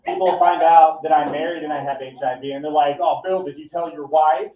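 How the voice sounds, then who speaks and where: A man doing a stand-up set at a live comedy event, with a deadpan, profane, rambling delivery. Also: on the high side, fairly quick, few pauses. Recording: echoey, distant, dull live recording.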